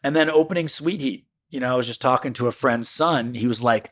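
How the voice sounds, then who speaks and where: A man in his fifties hosts his own podcast and talks through life lessons as a reflective motivational monologue. His voice sits at an ordinary middle pitch, and he leans on key words with sudden upward leaps. He tells it like a storyteller who wants every point to land. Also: fairly quick, few pauses, fairly bright tone. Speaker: podcast host.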